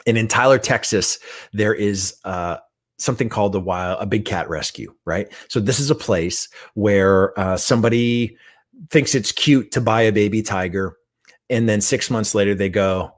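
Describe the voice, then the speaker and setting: A middle-aged man giving a motivational talk, telling a story in an animated, conversational way and often checking in with the listener. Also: fairly low pitch, moderate pace. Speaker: guest trainer and speaker.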